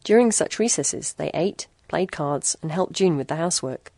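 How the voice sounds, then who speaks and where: A woman reads a story aloud in a steady, measured way. Her voice is low, with a gravelly rasp. The sound is dry and close to the mic. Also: dry recording. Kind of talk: storybook narration.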